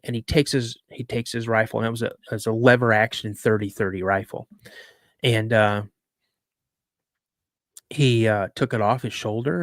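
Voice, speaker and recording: A man in his fifties tells a personal story on a live podcast, chatty and full of asides. His voice sits at a mid pitch. The sound is dry and close. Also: no room sound. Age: 50s. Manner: conversational, frequent "you know". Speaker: guest storyteller.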